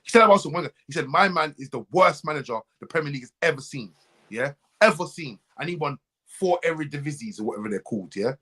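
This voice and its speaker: Ranting high-voiced man. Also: fast talker, breathy edge. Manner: animated and ranting, mimics other fans' voices. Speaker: co-host. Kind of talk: heated casual football chat.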